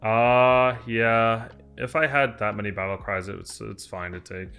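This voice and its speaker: A man's voice: fairly low pitch, little pitch movement, a little slow, a bit bright, smooth. A man streaming a card game, thinking aloud and answering chat questions in an explaining tone. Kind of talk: live-stream gameplay commentary. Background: faint lo-fi music.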